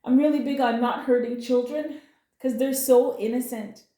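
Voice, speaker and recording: A tarot reader gives a casual spoken reading, earnest and comforting, at times emotional and blunt with slang. Her high-sitting voice is steady and dark, at a moderate pace, in an echoey room.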